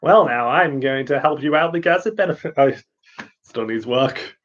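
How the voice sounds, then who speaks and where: A man's voice: mid-range voice, normal speed. A man hosting a casual live chat, rambling with lots of fillers and frequent giggles. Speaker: host answering viewer questions. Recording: muffled lo-fi audio.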